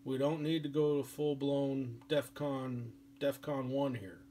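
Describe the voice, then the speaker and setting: A man voicing an exasperated European leader who urges calm, in a drawling, colloquial way. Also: mid-range voice, unhurried, slight background noise, lightly acted.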